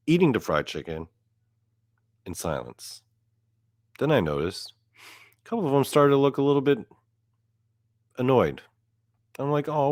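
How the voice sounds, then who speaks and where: A man's voice: sits low, no room sound, studio quality. A young man from South Korea doing a profane, mock-boastful stand-up rant, quoting his friends in asides. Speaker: comedian.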